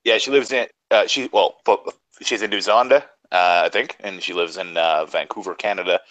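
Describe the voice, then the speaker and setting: A man's voice: deep voice, normal speed, fairly bright tone, no room sound, rough recording. A man in loose banter on a stream, joking and laughing easily. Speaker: stream participant. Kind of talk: casual chat.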